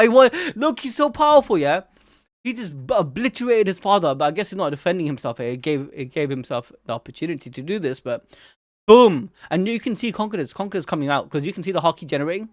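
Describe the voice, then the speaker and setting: Young guy reacting live to a manga chapter, hyped and slangy, high voice, dry close mic. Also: fast talker, no room sound. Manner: excitable, slangy, exclamatory. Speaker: anime channel host.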